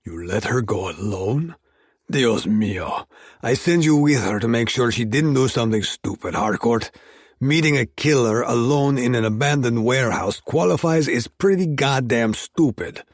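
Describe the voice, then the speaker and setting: A man's voice: mid-range voice, lively intonation, normal speed, no room sound, clean studio sound, pitched above the performer's own voice, lightly acted. A man voicing a volatile, threatening male crime-family boss who speaks in clipped, angry bursts.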